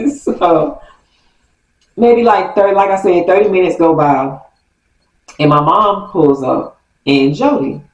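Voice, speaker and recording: A woman telling a story from her childhood to her viewers in a chatty, animated way. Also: fairly low pitch, slow, long pauses, a little hiss or hum. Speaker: vlogger. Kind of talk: casual storytime. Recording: roomy, distant from mic.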